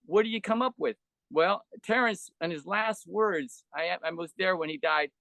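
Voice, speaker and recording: An older man, a podcast guest, telling reflective stories in a meandering way, with many restarts and fillers. He gets animated and full of wonder as he recounts what he went through. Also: high voice, moderate pace, no echo. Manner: grows animated and wondering when recounting experiences. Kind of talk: reflective conversational storytelling.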